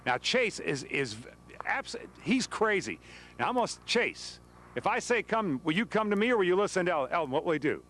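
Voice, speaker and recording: A man anchoring a live TV sports segment outdoors, lively and joking with his guests. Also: sits high, brisk.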